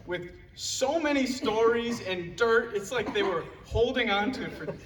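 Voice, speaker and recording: A man's voice: very high voice, expressive, unhurried, a crowd in the background. Young man roasting his dad in an echoey hall. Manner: joking storytelling, laughing at his own lines. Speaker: son giving a roast speech. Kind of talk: roast speech at a live event. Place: large hall at a live event. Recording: echoey hall from far off, noisy. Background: audience laughter.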